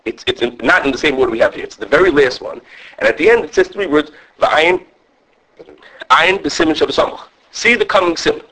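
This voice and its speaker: A man teaching a lively halachic class to students. He talks quickly, restarts often, checks in with "okay", and mixes Hebrew and Yiddish terms into his English. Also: a little high, breathy edge, rough recording. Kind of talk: animated halachic lecture with students.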